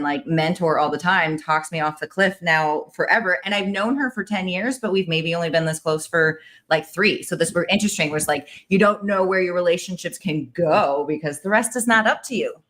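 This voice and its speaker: Woman podcast host, low voice, rambling casual chat, lots of fillers. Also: moderate pace, few pauses, a bit bright. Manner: rambling, chatty, lots of "like" and "right?".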